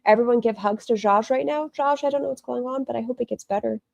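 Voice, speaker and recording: A woman's voice: fairly high pitch, quick pace, creaky, a little mellow, no room sound, lo-fi sound. A woman making snarky reaction commentary on a video, mocking it and swearing freely. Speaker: commentary streamer.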